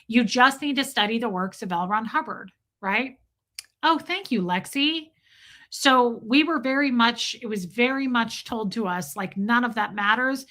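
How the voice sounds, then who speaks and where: Livestream host, woman, higher bright voice, candid and self-deprecating, fields chat questions. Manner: candid, chatty, self-deprecating, thanks viewers by name. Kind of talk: casual livestream Q&A, reading and answering chat.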